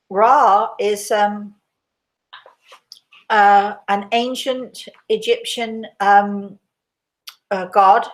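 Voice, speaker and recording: Chatty older British woman hosting. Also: mid-range voice. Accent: British English. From Britain. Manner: chatty, rambling, laughs often. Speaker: host. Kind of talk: casual livestream chat with audience questions.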